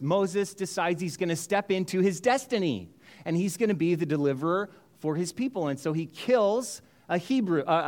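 A male pastor telling a story in a sermon, casual and joking, with many restarts. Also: on the high side.

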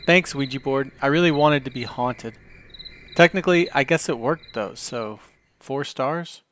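A man's voice: medium pitch, unhurried, a bit bright, slight background noise. A man hosting a comedy podcast, reading online reviews aloud in a dry, joking way. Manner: reads listener reviews aloud with dry humor. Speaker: podcast host.

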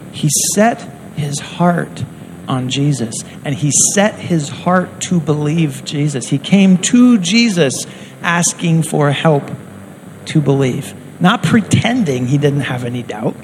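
Earnest preacher man with a lively delivery. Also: fairly high pitch, takes it slowly, a little hiss or hum, low-quality recording. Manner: earnest, conversational, acts out quotes. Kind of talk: sermon.

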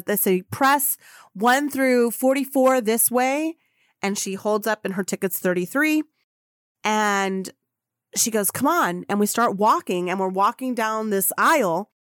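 A woman podcast host telling a story in an excitable way, acting out the voices of the people in it. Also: medium pitch, no echo, clean studio sound. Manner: acts out quoted voices, excitable. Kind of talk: animated storytelling.

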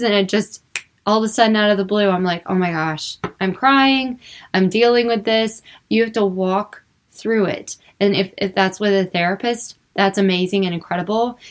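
A young woman speaking earnestly about faith and emotions in a personal, unscripted way, with lots of filler words. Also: mid-range voice. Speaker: Christian speaker.

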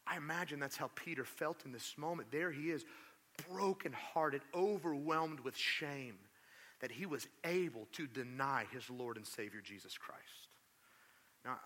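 A male pastor preaching a sermon, telling the story in a lively, conversational way with asides to the congregation. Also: medium pitch. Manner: animated storytelling, acts out quotes.

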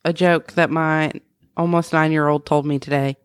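A woman's voice: low voice, fairly even intonation, normal speed, clear, resonant tone, no echo, clean studio sound. A woman in her thirties, a podcast co-host chatting casually, rambling with restarts and laughing often. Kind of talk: casual chat.

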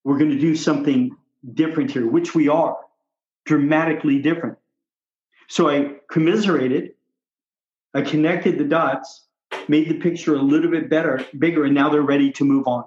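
A doctor coaching on how to talk with patients, a man with a slightly high voice who makes his points with emphatic repetition. The sound is roomy and a little dull. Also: steady tone, normal speed, a little mellow.

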